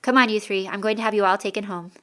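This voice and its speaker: A woman's voice: mid-range voice, steady tone, fast, sharp tone, close to an everyday voice. A woman voicing a bossy adult male soldier captain who talks down to the children with sarcasm. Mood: mocking. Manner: sarcastic, commanding.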